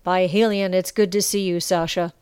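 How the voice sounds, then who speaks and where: A loyal, steady male fighter offers calm reassurance in a smooth, clear voice, as a woman narrator reads him. The sound is close and dry. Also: lowish voice, normal speed, no room sound, close to an everyday voice. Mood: reassuring. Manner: gentle, reassuring.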